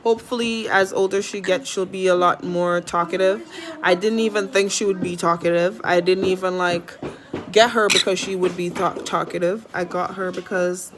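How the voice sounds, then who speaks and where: Chatty woman vlogging at home. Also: lowish voice. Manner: chatty, rambling, with fillers. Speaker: vlogger with a pet parrot. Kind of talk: casual chat to camera.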